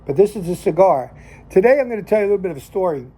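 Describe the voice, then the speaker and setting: A man's voice: high-pitched, animated, rapid-fire, mellow, slightly rough. An older man from New Jersey with a Northern New Jersey accent, hosting a cigar show and telling a story in a rambling, folksy way with many fillers. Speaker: cigar show host and lay minister. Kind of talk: casual storytelling monologue.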